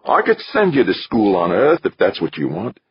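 A man voicing a gruff aging miner, a father who mutters in clipped, grudging phrases. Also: lowish voice, huge pitch swings, moderate pace, dry recording, highs cut off, pitched above the performer's own voice, full character voice.

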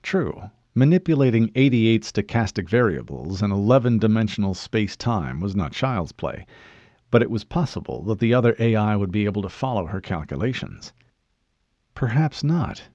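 In a measured, expressive storytelling style, a man with a fairly low voice narrates an audiobook. The recording has no room sound, and its high frequencies are cut off.

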